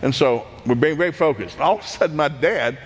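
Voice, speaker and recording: A middle-aged man from East Tennessee, telling animated, folksy stories from his childhood, laughing often and acting out voices. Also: fairly high pitch, brisk, breathy edge, big-room sound. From East Tennessee, USA. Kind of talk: folksy anecdotal storytelling.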